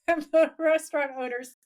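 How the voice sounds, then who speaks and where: A woman co-host with a somewhat high voice chats casually about an episode. She talks animatedly, often laughing and slipping into playful impressions of the characters she quotes. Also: fairly even intonation, moderate pace. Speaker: podcast co-host recapping episodes. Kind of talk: casual chat.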